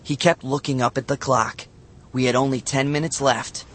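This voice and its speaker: Expressive male audiobook narrator. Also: medium pitch, moderate pace. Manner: lively, expressive storytelling. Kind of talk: audiobook narration of a children's novel.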